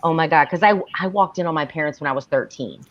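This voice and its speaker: A woman chatting casually on a panel, animated and laughing as she talks. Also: sits low, fast. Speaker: panel guest. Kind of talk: casual chat. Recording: dull lo-fi audio.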